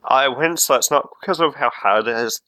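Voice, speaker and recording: A man talking casually as a player in a tabletop game, relaxed as he explains his character's backstory at length. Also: mid-range voice, normal speed, no room sound, poor audio.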